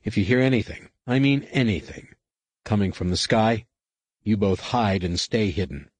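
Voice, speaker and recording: A man's voice: lowish voice, normal speed, dry recording, close to an everyday voice. A man voicing a stern, commanding teenage male Jedi who speaks in a firm, clipped way.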